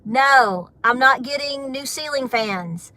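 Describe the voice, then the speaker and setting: Woman, american, live-stream host, chatty and emphatic, crisp bright tone, dry close sound. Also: high voice, animated, slow pace, dry recording. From United States. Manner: chatty, emphatic, repeats points for stress. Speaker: homesteading channel host. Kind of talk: casual live-stream chat.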